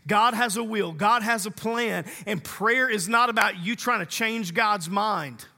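A man's voice: sits high, measured pace, bright, forceful tone, in a large hall. A man preaching a sermon as a pastor, conversational and humorous, teasing his congregation.

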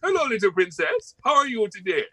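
A friendly cartoon gardener with a West Indian accent, played by a man, lifting his voice well above its usual pitch. He talks in a gentle, sing-song way, welcoming and sweet. The sound is high and bright. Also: big pitch swings, brisk, husky, no room sound, full character voice. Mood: cheery. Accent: West Indian, put on.

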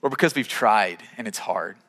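A man's voice: lowish voice, animated, moderate pace, a bit bright, in a large hall. A male pastor preaching a sermon in a conversational way, often repeating words as he starts sentences.

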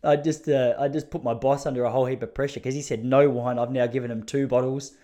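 An Australian man telling funny stories in a loose, meandering way, often poking fun at himself. His voice sits at an ordinary mid pitch. He sounds casual and chatty, like he is talking to listeners on a podcast. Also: steady tone, quick pace, warm tone. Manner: rambling, self-mocking, chatty. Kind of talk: casual comic storytelling monologue.

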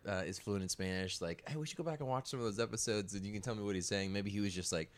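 A man with a smooth, fairly low voice chats casually about growing up. He laughs easily and clears his throat now and then. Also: quick pace. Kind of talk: casual chat.

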